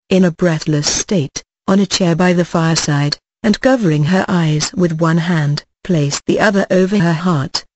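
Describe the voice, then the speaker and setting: An audiobook narrator reading a classic novel in a measured, even storytelling manner. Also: mid-range voice, dry recording, rough recording.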